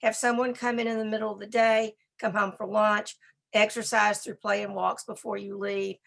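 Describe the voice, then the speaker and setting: A woman giving a presentation on dog behavior, talking in a brisk, emphatic and conversational way. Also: mid-range voice, level tone, creaky, fairly bright tone. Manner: talks to a slide assistant. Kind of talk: presentation lecture.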